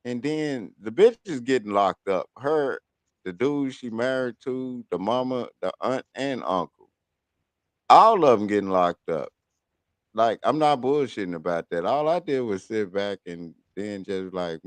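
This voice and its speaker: A man's voice: on the low side, lively intonation, a little slow, dry recording. Dude ranting on his radio show, cussing nonstop, dry close mic. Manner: heated, cursing, blunt storytelling. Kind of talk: profane casual rant.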